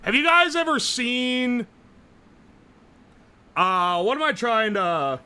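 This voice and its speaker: A young man from the United States chatting casually on a live stream, rambling, excitable and swearing freely. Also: very high voice, slow pace, clean tone.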